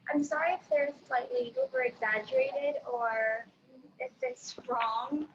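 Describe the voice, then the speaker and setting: A young woman with a high voice, chatting casually and a little self-consciously in a class vlog. The audio is slightly muffled video-call sound with a faint hiss. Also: sing-song, unhurried. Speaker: student.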